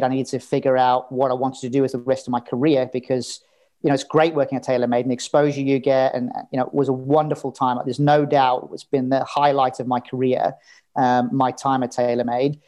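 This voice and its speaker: A man chatting as a podcast guest, candid and easygoing. He tells stories at an everyday middle pitch and drops the odd swear word. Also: level tone, a little fast, a little mellow. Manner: candid, storytelling, swears casually. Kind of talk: casual interview chat.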